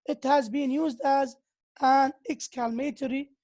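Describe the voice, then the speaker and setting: A woman's voice: sits high, steady tone, measured pace, darkish tone. A woman lecturing on grammar who often repeats key phrases and reads out examples. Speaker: university lecturer. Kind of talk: slow lecture on English grammar.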